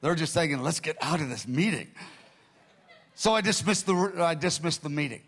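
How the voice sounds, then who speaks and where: Preacher guy telling a story, kinda high voice, acts out all the quotes, goes quiet then loud. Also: moderate pace. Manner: animated storytelling, acting out quotes with dramatic shifts in loudness. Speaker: pastor. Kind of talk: sermon storytelling.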